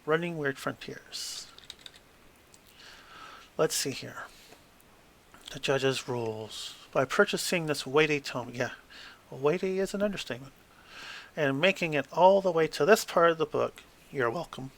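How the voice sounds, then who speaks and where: Guy reading an rpg book out loud, kinda high voice, cracks jokes, trips on big words. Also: unhurried, pauses often. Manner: reads aloud with wry asides and stumbles over hard words. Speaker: tabletop game book reviewer. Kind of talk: casual book flip-through, reading passages aloud.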